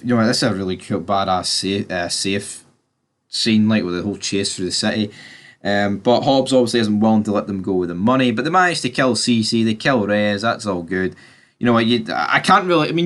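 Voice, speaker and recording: A man's voice: lowish voice, a bit bright. A man giving a casual, rambling film review, talking straight to his viewers and swearing now and then. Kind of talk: casual movie review vlog.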